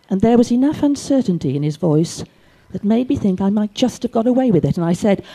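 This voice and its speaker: An older woman from Wales, performing a stand-up comedy story with dry delivery and sudden loud acted shouts. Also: fairly low pitch, expressive, fairly quick. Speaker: stand-up comic. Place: library comedy gig.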